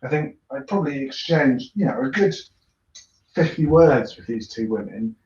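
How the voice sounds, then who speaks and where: In a roomy, dull-sounding recording, a British YouTuber chats through a live tinkering stream, replying to viewers' comments. His mid-range voice is expressive and a little mellow at a normal speed, and his talk is rambling, chatty, and self-deprecating.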